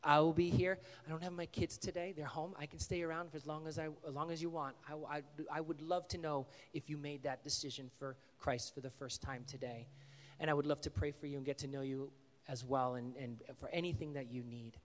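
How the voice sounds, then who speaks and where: A man's voice: fairly high pitch, little pitch movement, brisk, few pauses, big-room sound. A male pastor giving an earnest, conversational sermon with an altar call, telling stories and praying in a church sanctuary.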